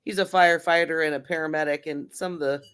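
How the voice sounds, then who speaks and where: A woman's voice: deep voice, fairly even intonation, quick pace, a bit bright, clear, resonant tone. A woman who is a regular on the show, chatting casually and making blunt, wry asides. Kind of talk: casual bar banter.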